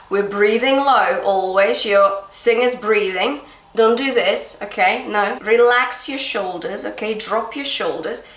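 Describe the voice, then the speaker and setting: Woman singing teacher, higher voice, slow deliberate coaching with frequent check-ins, echoey room. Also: a bit bright. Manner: encouraging, checks in with frequent "yeah?" and "okay?"; demonstrates sung phrases and light falsetto between explanations. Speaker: vocal coach. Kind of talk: singing lesson instruction.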